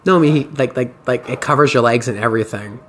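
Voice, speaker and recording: A man's voice: mid-range voice, quick pace. A man hosting a podcast, telling a story in casual, profane, rambling chat. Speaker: podcast host.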